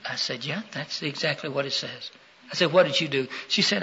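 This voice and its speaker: A middle-aged man preaching a sermon, questioning his listeners and rising to loud, emphatic peaks. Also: a little high, fairly quick, breathy edge. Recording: dull lo-fi sound.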